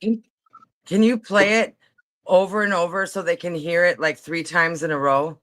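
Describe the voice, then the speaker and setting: A man's voice: sits high, fairly even intonation, normal speed, sharp tone, poor audio. A man joining a casual livestream chat who asks eager, chatty questions.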